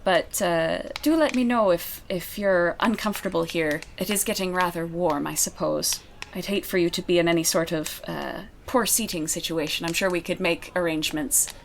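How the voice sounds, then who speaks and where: A courteous young gentleman, voiced by a woman, speaks with formal period manners. He asks after others attentively in a tabletop game. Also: on the low side, normal speed, gravelly, slight background noise. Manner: genteel, formal and solicitous.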